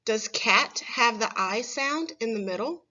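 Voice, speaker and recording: A woman teaching a phonics lesson to first graders, saying each word slowly and clearly for the children to repeat. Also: a little high, expressive, pushed and bright, highs cut off. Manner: slow, clear, stressing single words for children to repeat.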